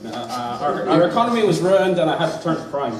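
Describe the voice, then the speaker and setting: A man's voice: on the high side, sing-song, fast, a crowd in the background. A man playing in a live role-playing game show at a games convention, telling his character's backstory in a rambling, laughing comic way. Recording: echoey hall, far from mic, loud noise.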